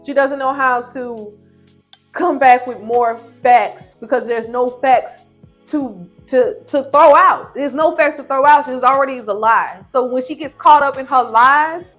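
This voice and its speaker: A woman recaps a reality show in a casual, animated, slangy way, full of opinions. Her voice sits a little higher than most women's, and faint music plays underneath. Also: unhurried. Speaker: TV show reviewer.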